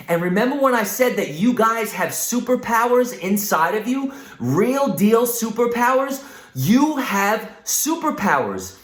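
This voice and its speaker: A man teaching a class for children in a lively, encouraging way, often asking the listener questions and having them repeat phrases. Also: high voice, echoey room.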